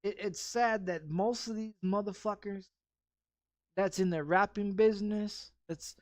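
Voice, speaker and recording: A man's voice: high-pitched, a little slow, no echo. A man ranting casually while streaming a game, swearing constantly and restarting his sentences. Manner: profane, rambling, heavy restarts and repeats. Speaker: gaming streamer.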